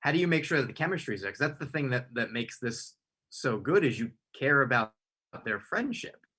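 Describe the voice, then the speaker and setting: A man with a husky voice runs the interview. He asks long, winding questions and keeps restarting his sentences as he goes. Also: mid-range voice, big pitch swings, a little fast, pushed and bright. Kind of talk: conversational interview.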